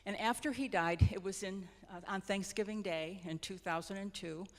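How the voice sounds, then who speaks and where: A middle-aged woman tells personal stories in a gentle, reflective way, pausing and restarting as she goes. She is a hospice nurse with a voice of middle pitch. Her voice carries a long reverb, as if heard in a church hall. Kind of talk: personal storytelling talk.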